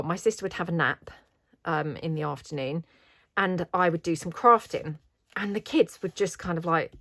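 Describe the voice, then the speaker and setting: A woman's voice: fairly low pitch, dry recording. A middle-aged British woman chatting casually while she crafts, rambling and self-deprecating. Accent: British English. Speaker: craft vlogger.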